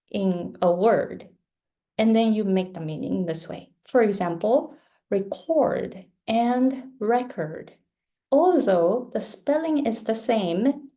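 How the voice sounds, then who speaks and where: Japanese woman teaching pronunciation, slow and patient, mellow warm voice. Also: mid-range voice. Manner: slow, patient, models words for learners to repeat. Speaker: pronunciation coach. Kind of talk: live pronunciation lesson.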